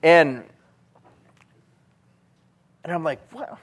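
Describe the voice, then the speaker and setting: A man preaching a sermon, animated, moving between loud emphatic lines and quiet asides. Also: mid-range voice, moderate pace.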